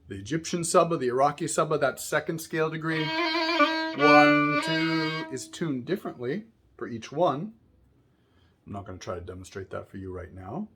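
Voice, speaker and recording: A man teaching a music lesson, explaining patiently and often checking in with "right?", singing short examples between explanations. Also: medium pitch.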